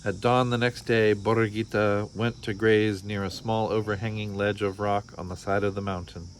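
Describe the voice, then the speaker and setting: A man's voice: fairly low pitch, normal speed, a little hiss or hum. A man reading a folk tale aloud from a picture book, telling it expressively. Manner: expressive storytelling. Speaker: storybook reader.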